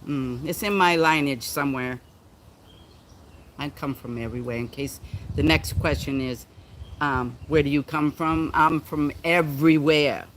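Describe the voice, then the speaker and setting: Playful, theatrical man with a slightly high voice. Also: fairly bright tone, a little hiss or hum. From United States. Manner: playful and theatrical, self-styled diva, chuckles often; slow and halting when reading comments, many ums. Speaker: livestream host. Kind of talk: casual livestream chat, reading viewer comments.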